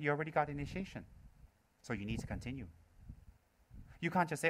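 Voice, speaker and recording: A man's voice: mid-range voice, animated, quick pace, long pauses, fairly bright tone, slight background noise. A man giving a live Buddhist teaching, asking rhetorical questions, repeating key phrases and teasing his listeners. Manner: playful, teasing listeners between points. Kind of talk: live Dharma talk to an audience.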